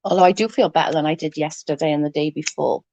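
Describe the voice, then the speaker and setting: A woman with a cold, hoarse and husky, chatting casually on a livestream and answering viewers' comments. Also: sits low, steady tone, fast, darkish tone. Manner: blunt, swears freely, vents about double standards. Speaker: livestream host. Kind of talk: casual live chat reading comments.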